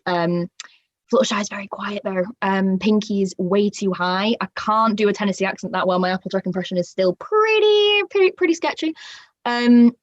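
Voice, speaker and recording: A woman's voice: medium pitch, moderate pace, no echo. A woman from the north of England with a northern accent, a guest on a livestreamed convention panel, chatting, reading the chat and laughing often. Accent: Northern English. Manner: bubbly, rambling, laughs often. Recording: dull, dry home livestream audio.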